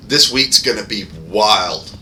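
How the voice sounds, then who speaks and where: A man's voice: fairly low pitch, pushed and bright. Heated, profane game-channel host, thirties male, rambling rant style, noisy recording. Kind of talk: ranting casual commentary.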